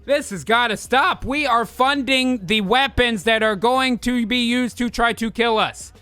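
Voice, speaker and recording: A man's voice: extremely high pitch, a little slow, sharp tone, clean tone, no room sound, soft background music. A man hosting a podcast, ranting about foreign policy with lots of swearing and direct appeals to his listeners. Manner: heated, swearing, rants at the audience. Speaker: podcast host. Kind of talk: profane political commentary.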